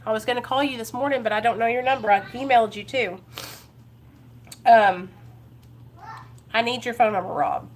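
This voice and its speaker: A woman's voice: on the high side, moderate pace, long pauses, a little hiss or hum. Earnest woman vlogger urging viewers. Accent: Ohio. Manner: earnest, encouraging, talks straight to viewers. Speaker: recovery vlogger. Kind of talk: casual live-stream chat.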